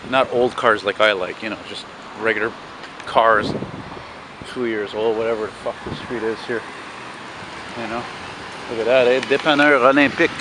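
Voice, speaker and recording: Walking a city street at dusk amid traffic noise and passing cars, a vlogger chats to his viewers, rambling and cursing. His voice is on the low side, fairly even in intonation, at a moderate pace with frequent pauses.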